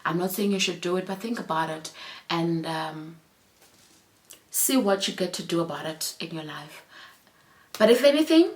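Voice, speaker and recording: A woman's voice: fairly low pitch, expressive, normal speed, long pauses. Earnest woman vlogger talking from the heart. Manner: earnest, heartfelt, with many fillers and restarts. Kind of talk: reflective chat vlog.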